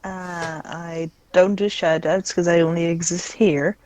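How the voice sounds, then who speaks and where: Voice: mid-range voice, flat delivery, a little slow, a little mellow, dry recording. A young adult guest chatting casually on a stream, playful and laughing often. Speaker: guest player.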